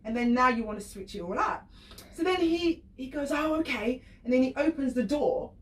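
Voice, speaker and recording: A woman working as a professional dominatrix, a guest on a radio show, telling stories in casual chat, animated and laughing often. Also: high-pitched, a little fast, reverberant, distant mic, a little hiss or hum. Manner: animated storyteller, laughs often, acts out voices.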